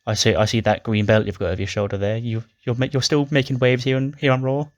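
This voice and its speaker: A man's voice: medium pitch, flat delivery, fast talker, lightly acted. Man doing a brash boastful wrestler. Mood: cocky. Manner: brash, swaggering promo talk. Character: boastful veteran male wrestler.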